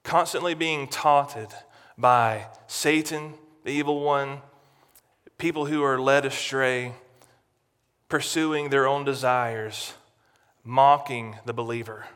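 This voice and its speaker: A man preaching a sermon as pastor, dramatic, swinging from loud to near-hushed. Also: medium pitch, little pitch movement, slow pace, smooth, long reverb tail.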